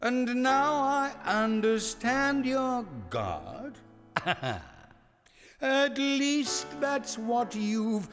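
A man's voice: extremely high pitch, big pitch swings, drawn-out words, a bit bright, full character voice. A man singing the part of a mocking, sneering king in a stage musical, theatrical and taunting. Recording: hall reverb with music.

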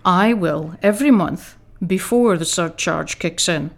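A woman's voice: on the low side, a little slow, gravelly. A woman voicing God in a radio comedy sketch, fatherly and down-to-earth, with a dry, teasing, patient manner.

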